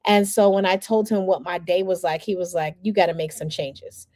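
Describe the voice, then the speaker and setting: A woman's voice: fairly low pitch, steady tone, normal speed, darkish tone, no room sound, studio quality. A woman in her forties, a communications coach, teaching a masterclass and telling a candid personal story while acting out the people she quotes. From New York area.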